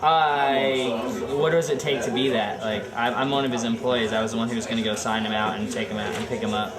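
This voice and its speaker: A man explaining a coworker's arrest in a halting way, full of fillers and restarts. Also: mid-range voice, steady tone, over a noisy crowd. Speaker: dispensary employee. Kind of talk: casual explanation.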